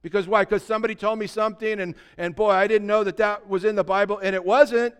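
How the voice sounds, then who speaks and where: A male pastor preaches a sermon in a high, clear, ringing voice. He exhorts the congregation and swings from hushed asides to loud, fervent calls. He slips in humorous remarks along the way. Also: fairly even intonation, fast talker.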